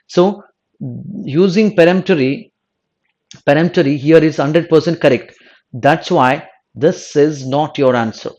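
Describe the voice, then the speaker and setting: A man's voice: a little high, measured pace, darkish tone, muffled recording. A male exam coaching teacher working through test answers, often restarting and rephrasing as he talks. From South India. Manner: repeats himself, rephrases mid-sentence, asks "no?".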